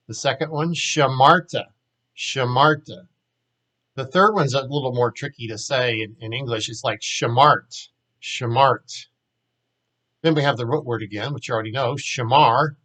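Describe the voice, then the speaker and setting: A man with a Southern American accent teaching a grammar lesson in a casual way, saying each word slowly and repeating it for drill. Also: medium pitch, bright, forceful tone, low-quality recording. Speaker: Hebrew teacher.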